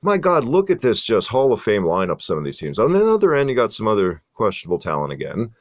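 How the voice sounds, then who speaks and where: A man with a fairly low, deep voice co-hosts a casual podcast. He talks in an animated, profane way and rattles off long strings of names with barely a pause. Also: no echo. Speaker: podcast co-host. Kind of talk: casual wrestling review chat.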